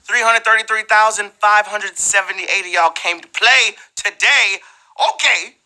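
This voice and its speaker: A man hosting a live trivia game show in a playful, slangy, animated way, teasing the players. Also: sits high, a little slow, rough recording.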